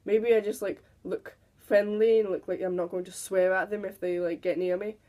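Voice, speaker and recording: A woman's voice: mid-range voice, steady tone, normal speed, warm tone. A teenage girl telling stories to camera in a casual, giggly way, now and then mimicking people. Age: teens. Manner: chatty, giggly, mimics people in quoted voices. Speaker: vlogger.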